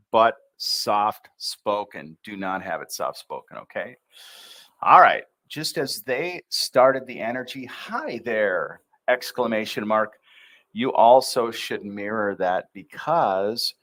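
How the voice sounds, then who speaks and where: In a lowish, fairly bright voice, this American man leads a live English pronunciation class online. He drills each word slowly, syllable by syllable, with upbeat asides in between.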